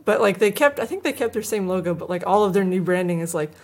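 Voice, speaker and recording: A woman's voice: medium pitch, lively intonation, fast. A woman co-hosting a tech news show in casual chat, joking and playful.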